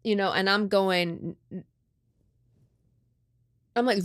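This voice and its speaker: A woman podcast host in a casual chat, retelling a story with lively acted-out dialogue. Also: medium pitch, slow pace, pauses often, no echo, clean studio sound.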